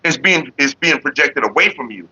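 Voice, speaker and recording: A man's voice: medium pitch, expressive, normal speed, sharp tone, husky, no room sound, muffled recording. A man hosting a casual livestream, talking bluntly and profanely straight to his viewers. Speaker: livestream host.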